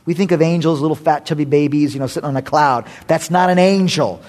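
A middle-aged man preaching a sermon as a pastor, impassioned, swinging between loud and hushed. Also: fairly high pitch, fast talker.

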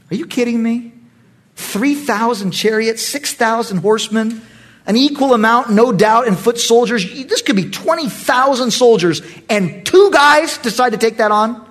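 A man pastor leading a Bible study, animated and acting out the voices of the people in the story. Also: high-pitched, moderate pace. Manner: animated, acts out quoted voices. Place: church meeting room.

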